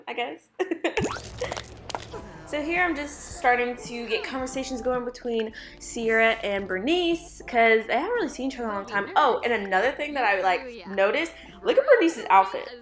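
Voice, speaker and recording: Talking over her game footage, a gaming YouTuber gushes casually, using lots of "like" and exclamations. Her voice is a little high and slightly bright, with reverberant sound from a home room where dogs are present.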